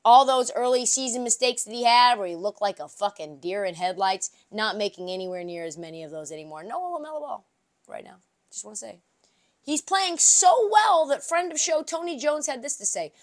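A woman hosting a podcast, delivering a profane, animated sports rant that swings from shouted outbursts to low, mumbled asides, with a migraine. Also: fairly quick. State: has a migraine. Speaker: podcast host.

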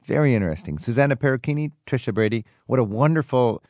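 A man hosting an interview, wrapping it up in a measured, reflective way. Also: mid-range voice, animated, a little mellow, dry recording, clean studio sound. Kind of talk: interview wrap-up.

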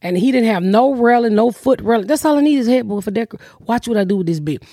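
A woman's voice: on the high side, expressive, fast talker, warm tone, dry recording, studio quality. Brash, profane woman telling stories. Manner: brash, profane storytelling with quoted voices. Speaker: podcast host. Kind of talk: casual comedic chat.

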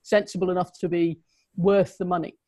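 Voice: medium pitch, little pitch movement, brisk, dark tone, no room sound. A co-host in a casual business chat who gives direct, frank advice.

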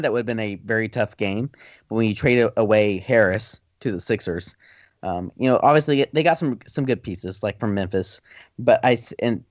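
A man's voice: medium pitch, darkish tone, dry recording. A man co-hosting a podcast, chatting casually and rambling with lots of fillers. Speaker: podcast co-host. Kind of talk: casual sports chat. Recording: dull lo-fi audio.

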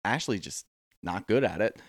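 A man's voice: lowish voice, lively intonation, normal speed, husky, no room sound, studio quality. A man co-hosting a casual reality TV recap podcast, ranting bluntly with plenty of swearing. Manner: blunt, profane, opinionated rants. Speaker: podcast co-host.

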